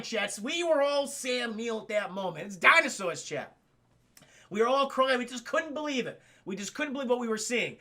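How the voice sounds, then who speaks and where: A man streaming a casual film recap to his live chat, excitable and swearing freely as he talks straight to the viewers. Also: very high-pitched, normal speed.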